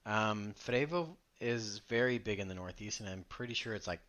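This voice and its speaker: A young man speaking as a podcast guest in loose, casual conversation. His voice sits on the low side, and he rambles through stories with lots of fillers. He picks up energy when something amuses him. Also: moderate pace. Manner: rambling, filler-heavy, animated storyteller.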